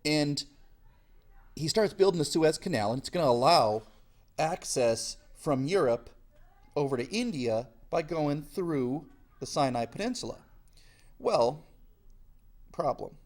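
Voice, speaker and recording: A young man lectures on history in a relaxed, talky way. He leans on slang and sarcasm, and he slips into quick impressions of the people he quotes. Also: a little high. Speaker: history teacher. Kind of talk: casual classroom lecture.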